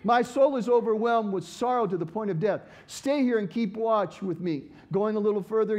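Fervent high-voiced male pastor preaching. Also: normal speed, hardly any pauses. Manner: fervent, rising to loud exhortation. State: voice cracking. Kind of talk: sermon.

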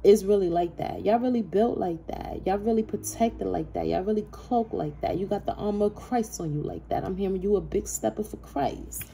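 A woman's voice: mid-range voice, moderate pace, gravelly, hardly any pauses, dark tone, a little hiss or hum. A woman giving a tarot reading, brash, profane and emphatic, laughing often. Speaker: tarot reader.

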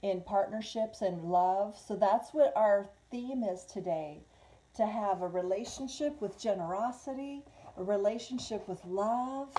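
A woman's voice: medium pitch, unhurried, mellow, slight background noise, low-quality recording. A woman casually chatting through a live tarot reading, mixing English with Spanish phrases. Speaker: tarot reader. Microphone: small clip-on mic.

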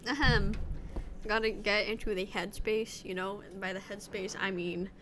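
A woman's voice: medium pitch, fairly even intonation, normal speed, bright, forceful tone, slight background noise. A woman streamer giving playful, giggly commentary while playing a video game. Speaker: VTuber streamer. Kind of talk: casual gameplay commentary.

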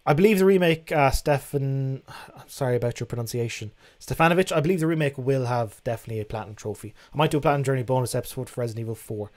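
A man's voice: medium pitch, very fast, darkish tone. A young man hosting a casual livestream, reading out viewer questions and answering them in a frank, chatty way that includes casual swearing. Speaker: livestream host.

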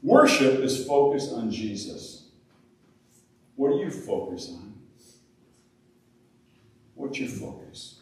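A man preaching a sermon as pastor, acting out prayers and complaints with a lively, rising voice. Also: medium pitch, slow pace, long pauses, very echoey, far from the mic, slight background noise, poor audio. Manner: animated, acts out prayers in a raised voice.

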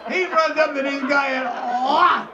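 A man telling a crude comic story on stage in a bar, loudly and boisterously, often shouting. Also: very high voice, measured pace, dull audio. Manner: loud, boisterous, crude delivery with frequent shouts. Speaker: comedian. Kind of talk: live stand-up storytelling. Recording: echoey bar with crowd noise.

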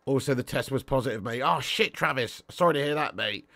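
A young man streams a football video game, bantering cheekily with his viewers, swearing and calling them "mate" and "legend." His mid-range voice is fairly bright and a little quick, with no echo.

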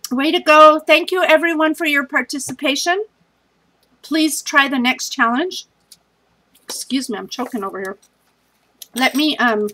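A woman's voice: a little high, a bit bright, low-quality recording. A tired woman hosting a scrapbooking challenge vlog, chatting in a casual, scattered, self-deprecating way at home.

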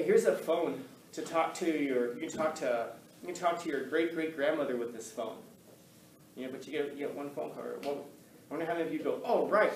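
A male teacher telling a story to his class in an animated way, acting out the voices of the people in it. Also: on the high side, slight background noise. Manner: animated, acts out quoted voices. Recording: echoey classroom, mic from far off.

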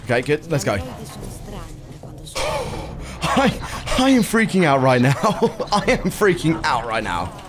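A young man streaming a speedrun, chatting to viewers and reacting loudly to close calls. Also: fairly high pitch, unhurried, pauses often, a crowd in the background. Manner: excitable, shouts and laughs at close calls, greets chat casually. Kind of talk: excitable live gameplay commentary. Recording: game music playing behind.

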